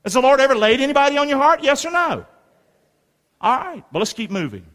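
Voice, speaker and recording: A man preaching a sermon as pastor, in lively call-and-response with rhetorical questions to the congregation. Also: very high voice, fairly quick. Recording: long reverb of a large hall.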